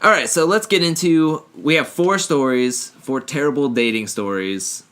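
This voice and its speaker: Man, podcast co-host, bright tone, joking, rambling, laughs a lot. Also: medium pitch, normal speed. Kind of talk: casual chat, reading stories aloud.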